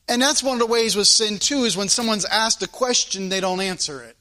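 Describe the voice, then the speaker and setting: Earnest high-voiced preacher man. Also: brisk, pushed and bright. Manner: earnest, questioning, repeats phrases. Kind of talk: sermon.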